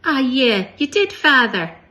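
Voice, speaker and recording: A man's voice: very high-pitched, big pitch swings, unhurried, pushed and bright, pitched above the performer's own voice, exaggerated voice, poor audio. A man reading a joke aloud in a put-on Irish accent, voicing both a priest and a wife. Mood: jokey.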